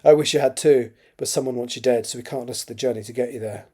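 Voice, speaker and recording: A man's voice: mid-range voice, fairly even intonation, fast talker, mellow, husky, lightly acted. A man reading aloud and voicing a protective Scottish man who guards a runaway lad, in an earnest, firm manner. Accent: Scottish (put on).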